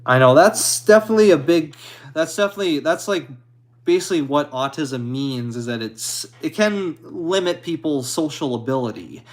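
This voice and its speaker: A man streaming and answering viewer comments in a halting, hesitant way, apologetic and a little anxious. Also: fairly high pitch, lively intonation. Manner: halting, hesitant, with many restarts; apologetic and modest. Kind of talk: casual live chat.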